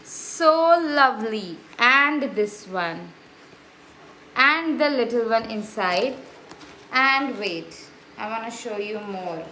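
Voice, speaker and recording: Chatty spiritual vlog host, a woman with a high bright voice, effusive, echoey room. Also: lively intonation, takes it slowly, a little hiss or hum. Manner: chatty and effusive, many fillers and restarts. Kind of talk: casual spiritual vlog talk.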